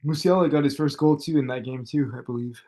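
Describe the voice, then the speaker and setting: A man co-hosting a live football watchalong, making relaxed remarks and giving short agreeing replies. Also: mid-range voice, fast talker. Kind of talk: casual live watchalong chat.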